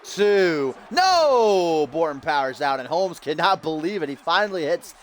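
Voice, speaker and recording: A man giving lively play-by-play commentary on a video game wrestling match, getting loud at big moments. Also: on the high side, moderate pace, slight background noise. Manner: excitable, shouts at big moments.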